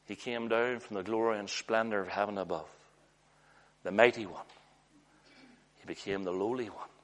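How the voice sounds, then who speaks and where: A man preaching a sermon in an earnest, storytelling way, often letting his voice drop low and hushed. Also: fairly even intonation, normal speed.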